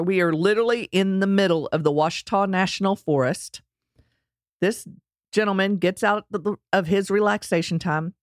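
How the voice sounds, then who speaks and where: Low-voiced woman telling a lively story. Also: dry recording, studio quality. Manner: animated, acts out quotes, laughs while telling. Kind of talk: casual personal storytelling.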